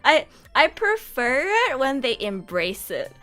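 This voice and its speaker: With faint music behind her, a young woman who streams and does voice acting talks in unhurried, casual livestream chat. Her high, fairly bright voice swings widely in pitch, and she's frank and giggly, often stumbling and beginning sentences again.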